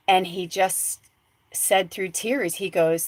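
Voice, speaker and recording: A woman hosting a live spiritual talk show, telling a rambling story full of fillers and restarts, going from hushed soft tones to excited exclamations. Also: on the low side, unhurried, no room sound. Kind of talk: casual live-stream monologue.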